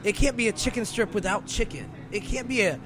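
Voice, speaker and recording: A man co-hosting a radio show, ranting in an animated, exasperated way and laughing between complaints. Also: high-pitched, a little fast, a crowd in the background. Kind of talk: casual comedic rant.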